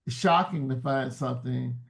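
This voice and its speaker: A man's voice: mid-range voice, moderate pace, gravelly. A man talking as an interview guest in a reflective, searching way, often restarting words mid-thought. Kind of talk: casual interview talk.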